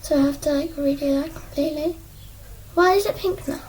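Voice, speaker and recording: This young crafting vlogger speaks briskly in a high, darkish voice, rambling and making fun of herself as she paints a craft at her desk indoors. Occasionally she whispers; the audio, captured on an iPad on a stool, is low quality with slight hiss or hum.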